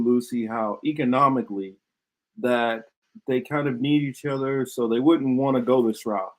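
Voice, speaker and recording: A man in a mid-range voice co-hosting a podcast. He talks in a hesitant way, with many ums and restarts. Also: mid-range voice. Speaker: podcast co-host. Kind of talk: casual podcast chat.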